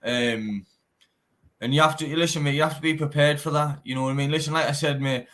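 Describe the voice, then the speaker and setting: A man's voice: fairly high pitch, steady tone, fairly quick, a bit bright. A young man with a Teesside accent, a bare knuckle fighter talking bluntly in a casual interview, swearing often and saying "mate" in nearly every sentence. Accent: Teesside English. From England.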